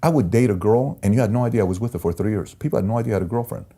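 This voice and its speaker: A man with a low, gravelly voice talks through personal stories as an interview guest. His tone is dark and mellow. He is animated and emphatic, and he comes back to his key phrases. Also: very fast. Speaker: entrepreneur guest. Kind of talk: candid interview storytelling.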